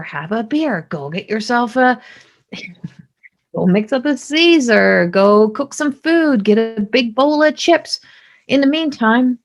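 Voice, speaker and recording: A middle-aged woman hosting a podcast, talking in a lively, rambling way with many restarts. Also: a little high. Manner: animated, talkative, many restarts. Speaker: podcast host; psychic medium. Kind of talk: casual spoken monologue.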